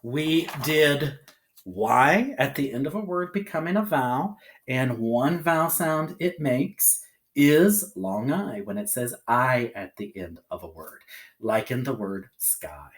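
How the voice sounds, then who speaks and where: A man's voice: mid-range voice, animated. Patient man teaching phonics. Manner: patient, sounds out letters slowly, frequent "okay" and "alrighty". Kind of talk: phonics lesson for children.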